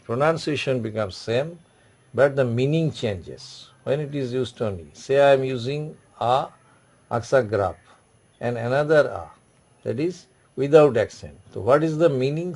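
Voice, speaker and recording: Male language teacher, patient and repetitive, mid-pitched voice. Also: a little mellow. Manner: repetitive, instructive, frequent "okay" and "say". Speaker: French teacher. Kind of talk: classroom language lesson.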